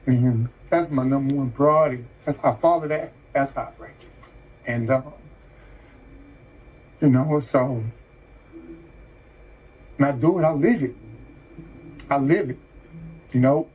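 A man earnestly reading a note aloud, halting and close to tears. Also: medium pitch, a little mellow, breathy edge, poor audio.

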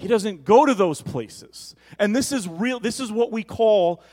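A man preaches a relaxed, conversational sermon, teasing and addressing his congregation directly. His voice sits noticeably high for a man. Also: unhurried, poor audio. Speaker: pastor.

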